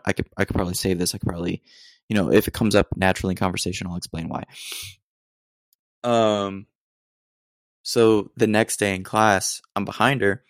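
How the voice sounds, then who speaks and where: A man's voice: fairly low pitch, gravelly, no room sound, studio quality. A young man hosting a solo podcast, telling stories in a rambling, self-deprecating way with acted asides. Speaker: podcast host. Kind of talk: casual solo monologue.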